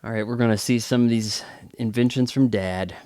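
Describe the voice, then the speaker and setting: A man's voice: medium pitch, fairly even intonation, normal speed, dark tone, clear, resonant tone, no room sound, studio quality. A man giving casual movie commentary with chatty, wry asides. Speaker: film commentator.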